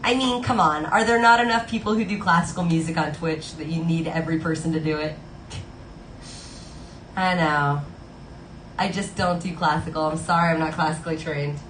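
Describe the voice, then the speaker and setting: A woman's voice: low voice, steady tone, moderate pace, a bit bright. A woman in her thirties chatting casually with viewers on a live stream and reading out their comments. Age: 30s. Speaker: streamer playing Disney songs on request. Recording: echoey room with music playing.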